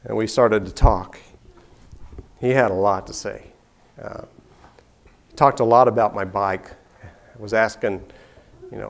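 A man's voice: lowish voice, fairly even intonation, unhurried, creaky, pauses often. An older man telling a personal story in an easygoing way, chuckling often and restarting his sentences.

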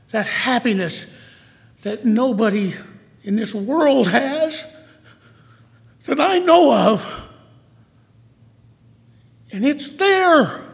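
Male church speaker, slow emotional sermon, gravelly, long hall reverb. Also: extremely high pitch.

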